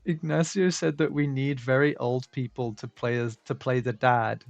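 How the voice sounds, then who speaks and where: A man's voice: mid-range voice, steady tone, moderate pace, gravelly, no echo, lo-fi sound, soft background music. A man hosting a casual livestream, reading viewer comments aloud and laughing often. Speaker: stream host.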